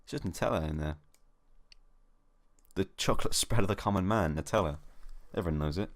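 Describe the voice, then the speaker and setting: Young male co-host, very deep voice, dry rambling comic delivery, dead close mic. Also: a little fast, dry recording. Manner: dry, rambling, swears freely. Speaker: podcast co-host. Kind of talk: comedic casual chat.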